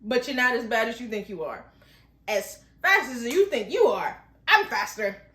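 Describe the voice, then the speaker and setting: This is a menacing, self-assured tough man, put on by a woman retelling a scene. He speaks in a low, threatening drawl, pitched well under her usual voice. The sound rings with the echo of a bare room. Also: lively intonation, moderate pace, pushed and bright.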